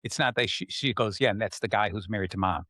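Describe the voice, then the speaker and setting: A man's voice: lowish voice, fast, no echo, clean studio sound. A middle-aged man hosting a podcast, chatting casually and acting out little stories from home and work. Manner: animated storyteller, acts out quotes. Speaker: podcast host. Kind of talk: casual conversation.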